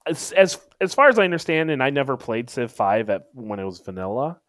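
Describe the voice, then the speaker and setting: A man chatting casually about video games. He is hesitant and trails off quietly at the ends of thoughts. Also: mid-range voice, big pitch swings, a little fast, no echo, clean studio sound. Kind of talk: casual chat.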